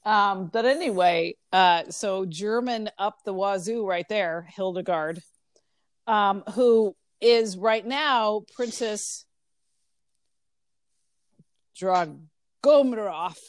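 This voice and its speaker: Speaking at a slow pace with a medium-pitched voice, a female podcast co-host chats casually in a dry recording. She rambles, keeps it chatty, and uses plenty of fillers.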